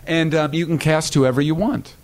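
A middle-aged man giving a lecture, telling stories with lots of stammers and repeated words, and acting out other people's lines in a higher voice. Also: moderate pace, a little hiss or hum. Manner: animated anecdotes, acting out other people's lines with a raised pitch. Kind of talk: storytelling lecture. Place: lecture hall.

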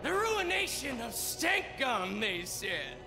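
An actor playing a sadistic male wasteland warlord in a video game cutscene, gloating with slow theatrical menace. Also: extremely high pitch, wildly swooping pitch, exaggerated voice. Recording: game audio under music.

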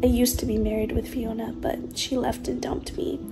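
A woman's voice: fairly high pitch, little pitch movement, normal speed, music in the background, lightly acted. A woman voicing a crude, boastful male ogre who insults people, reading a chatbot role-play aloud. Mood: self-pitying. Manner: rude, insulting, self-pitying.

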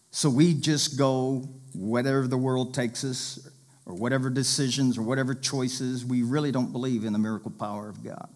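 Male pastor, sermon with scripture reading, emphatic, mid-pitched voice. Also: a little mellow. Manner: emphatic, urging listeners to pay attention.

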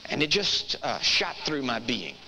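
A man's voice: medium pitch, sing-song, measured pace, bright, forceful tone. A man preaching a sermon, telling a story and then teaching with earnest, emphatic repetition. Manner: earnest, emphatic, repeats phrases for effect. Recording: echoey hall, faint background noise.

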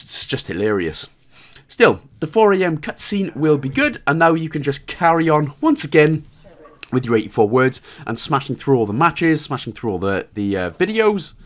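A man with a Welsh accent giving a casual, joking game walkthrough, swearing a little and calmly repeating his instructions. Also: on the high side. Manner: irreverent, joking, mild swearing. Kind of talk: casual commentary over gameplay.

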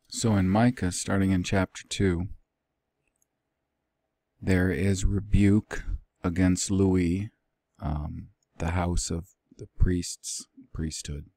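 A man's voice: deep voice, vocal fry, warm tone, no echo. A man teaching an informal Bible study, reading passages aloud with rising emphasis and commenting in plain talk.

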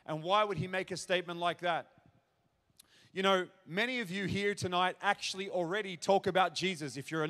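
A man's voice: high voice, fairly bright tone. A man preaching a sermon in a church, speaking earnestly and directly to the audience and building to emphatic questions. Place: church auditorium. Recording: reverberant church hall.

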